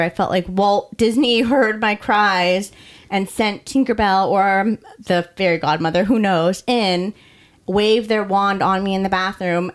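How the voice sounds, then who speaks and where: A young woman with a mid-range voice tells her story on a podcast. She speaks candidly and from the heart, sometimes rushing through a line. Her delivery sounds like an open conversation. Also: mid-range voice.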